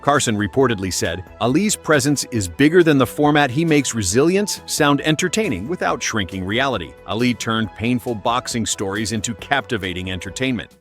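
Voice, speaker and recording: A man reading scripted narration for a countdown video in an even, measured way. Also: medium pitch, soft background music, some chatter behind.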